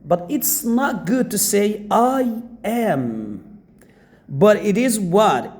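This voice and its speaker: A man's voice: high voice, animated, darkish tone. A man with an Arabic accent teaching English pronunciation to beginners, repeating each drilled word several times. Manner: slow, drills words by repeating them.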